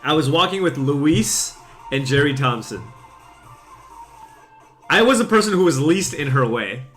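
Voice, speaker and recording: A man's voice: on the high side, lively intonation, measured pace, fairly bright tone, soft background music. A slightly tipsy man, a gaming streamer, telling a rambling casual story full of fillers, restarts and laughs. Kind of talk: casual storytelling chat while playing.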